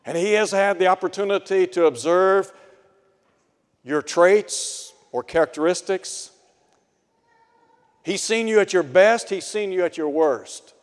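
A man's voice: high voice, unhurried, pauses often. A man preaching a sermon in an earnest way, asking his listeners rhetorical questions. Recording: long hall reverb.

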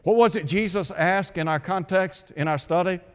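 A man's voice: high voice, normal speed, clean tone. A man preaching a radio sermon, asking rhetorical questions and repeating his points for emphasis. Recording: long hall reverb.

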